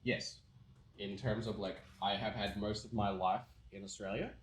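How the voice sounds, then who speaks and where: A man's voice: fairly low pitch, fairly even intonation, moderate pace. A man from New Zealand, a tattoo artist chatting casually and jokingly while he works. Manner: playful, jokey, slips into put-on accents. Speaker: tattoo artist, podcast host. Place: tattoo studio. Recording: echoey studio room.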